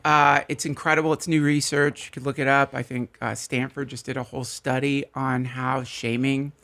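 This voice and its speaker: A man telling an absurd story in a studio as a podcast guest, earnest and deadpan. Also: mid-range voice, normal speed, gravelly. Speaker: comedian guest.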